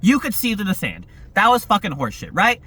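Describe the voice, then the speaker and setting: A young man giving a casual, profane, exasperated movie review, talking in an animated way. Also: sits high, fast, slightly rough.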